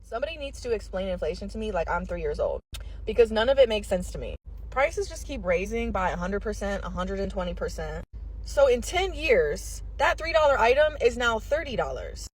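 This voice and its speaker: A woman's voice: mid-range voice, very animated, fairly quick, slightly rough, poor audio. A woman ranting in an incredulous, demanding tone. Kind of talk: casual rant.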